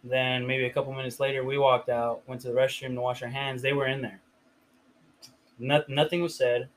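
A young man from the Riverside area of California hosts a podcast, telling a story in casual, profane chat packed with filler words. His mid-range voice is brisk with little pitch movement, and the recording is rough.

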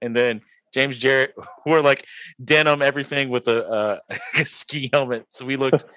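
A man's voice: mid-range voice, steady tone, moderate pace, sharp tone. A young man hosting a podcast, chatting casually over drinks, joking and laughing as he rambles through stories. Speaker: podcast host.

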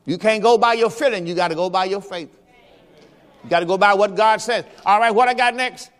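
During a Sunday service, a pastor preaches in a folksy style, mixing scripture quotes with rhetorical questions. He speaks fairly quickly in a high, fairly bright voice that trails off in long reverb.

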